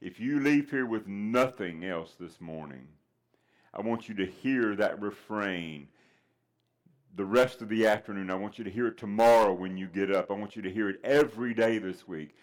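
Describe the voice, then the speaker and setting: A man preaching a Sunday sermon in a somewhat low voice. He talks loosely with ums and restarts between points. When he reads scripture he turns slow, loud and emphatic. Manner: conversational with fillers, rising to loud emphatic scripture reading.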